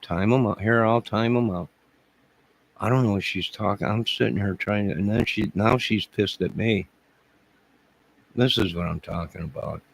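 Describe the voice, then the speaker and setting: A man's voice: lowish voice, moderate pace, gravelly, husky, rough recording. A man hosting a YouTube live stream, answering viewer comments in a rambling, crude and mocking way. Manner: combative, crude, mocking and sarcastic.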